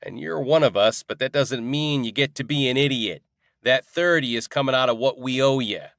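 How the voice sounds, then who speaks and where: A man voicing a smug male crime boss who speaks slowly and quietly with a threatening edge. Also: mid-range voice, no echo, studio quality, voice pushed up, close to an everyday voice.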